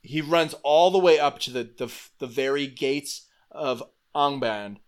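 A man retelling a fantasy battle to friends in an animated, casual way. He swears freely and acts out the characters' lines as he goes. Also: medium pitch, unhurried, clean tone.

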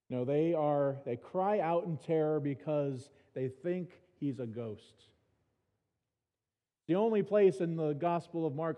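A male pastor preaching a sermon in a church, talking casually with dry, self-mocking humor and restarting his words often. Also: fairly high pitch. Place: church sanctuary. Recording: reverberant church hall, dull sound.

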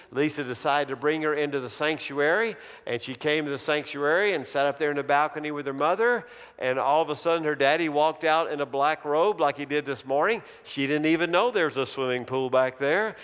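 A middle-aged male pastor delivers a storytelling sermon in a slightly raised, smooth and resonant voice. He slows down and drops to a near hush on the words he wants to land. The sound carries a long echo from a large church sanctuary. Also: fairly high pitch. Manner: dramatic storytelling, slowing and dropping to a hush on key words. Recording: long reverb of a large hall.

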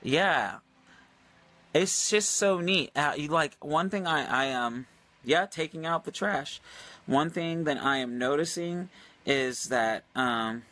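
A man hosting a livestream, telling a story casually in a rambling, animated way with many fillers and restarts. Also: fairly high pitch, takes it slowly. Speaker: livestream host.

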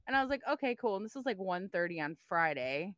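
A woman of middle pitch co-hosts a casual podcast chat. Her voice is bright and forward, and she tells her story with lively acted-out dialogue and plenty of swearing. The sound is dry and close. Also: fast, no echo. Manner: animated storyteller, swears freely, acts out dialogue. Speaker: podcast co-host.

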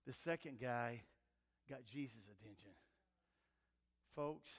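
An older man preaching a sermon as pastor. He swings between loud emphatic calls and quiet asides, and mixes scripture reading with homespun family stories. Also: mid-range voice, slow, gravelly, slightly rough. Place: church sanctuary. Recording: long church hall reverb.

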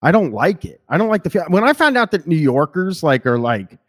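A man's voice: a little high, sing-song, fairly quick. A man in casual conversation who rambles, restarts his sentences, swears freely and laughs easily. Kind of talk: casual chat.

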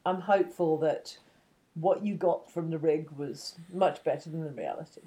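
A woman's voice: low voice, moderate pace, mellow. Blunt, laughing woman podcaster. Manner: blunt, swearing, laughs often. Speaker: podcast co-host. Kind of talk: casual chat.

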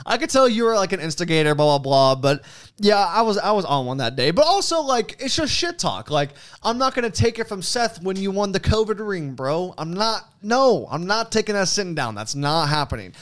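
A young man hosts a podcast in loose, rambling chat, swearing freely as he tells stories. His voice sits a little high for a man, and his pitch swings widely from line to line. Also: moderate pace. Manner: rambling, profane, animated storytelling. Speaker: podcast host. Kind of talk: casual chat.

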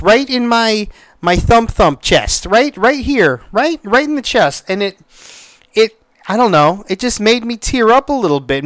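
A man giving a casual spoken movie review, excitable and profane, with lots of restarts. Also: sits high, clear, resonant tone, dry recording.

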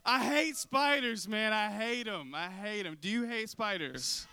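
A male pastor telling a funny story in a sermon, animated and self-mocking, often checking in with the audience. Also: high voice, unhurried.

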